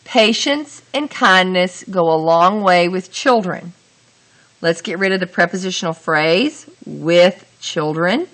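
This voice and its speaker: A woman teacher explaining grammar step by step, talking through each sentence deliberately and asking the class questions. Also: on the low side, animated, a bit bright. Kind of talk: grammar lesson.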